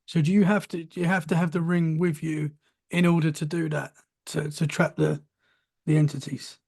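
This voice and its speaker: A man with a raspy, gravelly voice hosts a podcast. His tone is mellow and fairly high for a man. He asks curious questions, repeating words as he goes. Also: little pitch movement, moderate pace. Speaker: podcast host. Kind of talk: casual interview.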